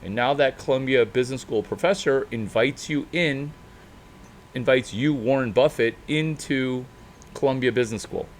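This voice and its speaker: A man talking off the cuff as a startup mentor, in an animated, unscripted monologue with sudden jumps in pitch and loudness and drawn-out emphasis. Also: slight background noise.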